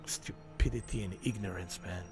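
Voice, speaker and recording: A man's voice: deep voice, fairly even intonation, moderate pace, music in the background. A man ranting on a game livestream, heated and profane, dropping "man" and "dude" as he hammers his points home. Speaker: livestream gamer. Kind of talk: casual ranting livestream chat.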